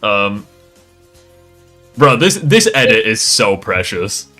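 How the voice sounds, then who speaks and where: A man's voice: lowish voice, sing-song, slow, sharp tone, soft background music. A man hosting a casual reaction chat, rambling, laughing and swearing often. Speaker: streamer host.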